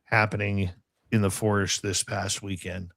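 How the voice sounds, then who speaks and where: A man's voice: on the low side, moderate pace. Guy hosting a radio show, tells creepy stories with relish, casual chat. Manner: animated storyteller, relishes creepy experiences. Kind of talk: casual conversation, telling anecdotes.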